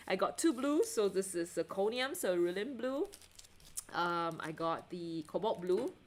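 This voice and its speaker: Woman livestream host, casual chatter, easily excited, laughs often, talks to her audience. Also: medium pitch, measured pace, a little hiss or hum. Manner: chatty and excitable, lots of self-interruptions and giggles; asks viewers to check things, answers chat.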